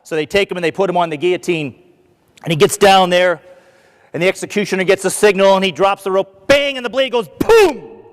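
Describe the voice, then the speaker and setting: An American man giving a conference talk as a keynote speaker, an animated storyteller who acts out what the crowd shouts. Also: high voice, brisk, big-room sound. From United States. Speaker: keynote speaker, retired army colonel. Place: large conference hall.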